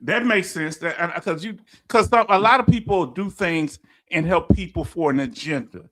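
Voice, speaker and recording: A man's voice: sits high, normal speed, a bit bright. Laughing Southern man hosting a livestream. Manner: laughs easily, stumbles over words. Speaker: livestream host. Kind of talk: casual livestream chat, reading viewer comments.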